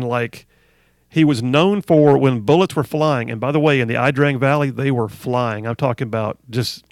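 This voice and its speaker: Male talk radio host, gravelly voice, dry studio mic, emphatic, builds points through repetition. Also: mid-range voice, no echo. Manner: emphatic, repeats phrases for emphasis. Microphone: studio microphone.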